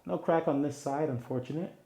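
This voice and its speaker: A young man guiding a yoga session in a relaxed, playful way, with jokes between calm breathing cues. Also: fairly high pitch, fairly quick, vocal fry, breathy edge. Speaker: vlogger leading a yoga session. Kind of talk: guided yoga instruction, casual vlog chat.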